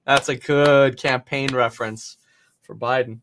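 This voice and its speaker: A man hosting a live stock market stream, giving casual running commentary with sudden excited outbursts. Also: mid-range voice, slow pace, creaky, clean tone. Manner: casual, thinking aloud, bursts of excited exclamations. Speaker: stock market livestream host.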